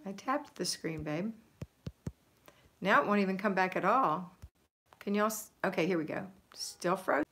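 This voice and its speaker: A chatty woman hosts a casual live stream from home. She reads viewer comments aloud, laughs easily and talks warmly to her audience through a phone or webcam. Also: medium pitch, animated, moderate pace, pauses often. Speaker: livestream host.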